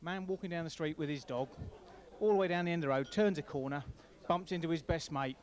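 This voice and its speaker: A man telling a joke at a pub, jumping up into high voices for the characters. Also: lively intonation, fast talker, darkish tone.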